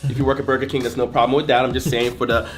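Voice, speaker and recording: A man giving an energetic, joking video lesson on sales, with faint music behind. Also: mid-range voice, racing. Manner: energetic, joking, acts out voices. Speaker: sales coach.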